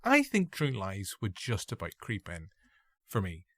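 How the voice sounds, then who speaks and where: Gravelly Northern Irish man hosting. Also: lowish voice, wildly swooping pitch, a little slow, dry recording, clean studio sound. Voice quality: gravelly, a bit nasal. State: congested. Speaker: podcast host. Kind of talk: casual film review chat.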